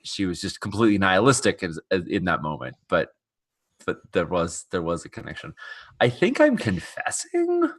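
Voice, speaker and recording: A man playing a tabletop roleplaying game, speaking in halting bursts with many restarts. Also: low voice, fairly bright tone, dry recording. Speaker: player. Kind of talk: actual-play roleplay chat.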